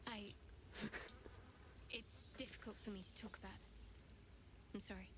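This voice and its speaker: A woman's voice: mid-range voice, steady tone, measured pace, heavy background noise, close to an everyday voice. A woman voicing a guarded game companion who hesitantly avoids talking about something painful. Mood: evasive. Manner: hesitant and evasive. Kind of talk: video game dialogue.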